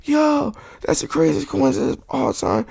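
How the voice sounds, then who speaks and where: Into a studio microphone, a man hosting a podcast rants with heat and profanity, insisting on one point over and over. His voice is a little high and creaky at a moderate pace, with studio-quality sound and no room echo.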